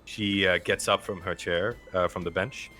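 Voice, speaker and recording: Deep-voiced man running a tabletop game. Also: fairly even intonation, moderate pace, sharp tone, faint music behind. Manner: casual narration with hesitant fillers. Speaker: game master.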